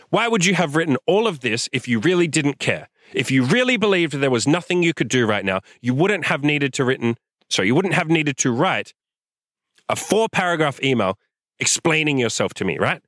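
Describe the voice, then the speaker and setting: With a fairly high, sing-song voice at a moderate pace, a young host swears his way through a blunt motivational rant aimed at a listener. It's filmed outdoors in the sun, yet the sound is clean studio quality with no echo.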